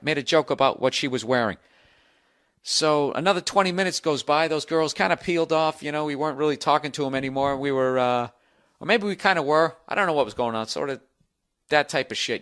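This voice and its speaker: Middle-aged guy ranting a bar story, swears a ton, sarcastic, mid pitch. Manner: profane, sarcastic, animated. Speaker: podcast host. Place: home.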